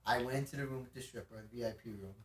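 Speaking rapid-fire at a medium pitch, this man in his twenties is a podcast guest spinning a wild tale during casual conversation. He curses and laughs his way through it with plenty of animation, picked up by a far-off mic that makes the audio roomy.

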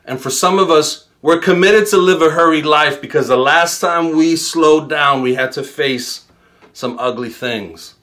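A man's voice: a little high, unhurried, pushed and bright. A man from New York in his thirties, preaching a sermon and mixing in funny personal stories. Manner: storytelling with humor, quoting himself. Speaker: pastor.

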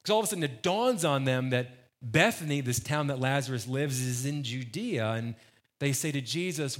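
A pastor preaching a sermon, retelling a gospel story in a casual, joking way and acting out the characters. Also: male voice, mid-range voice, lively intonation, normal speed.

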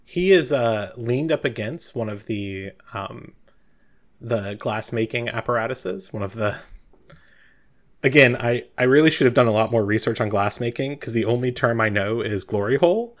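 A man narrating as game master of a tabletop game, casual and self-deprecating, often pausing with fillers. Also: medium pitch.

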